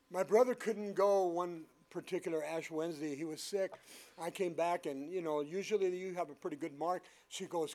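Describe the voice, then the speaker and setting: A man preaching as a pastor, telling personal stories with loud and hushed swings, then praying earnestly. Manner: animated storyteller, loudness swinging from booming to hushed; earnest, fervent in prayer. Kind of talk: sermon with personal storytelling and closing prayer.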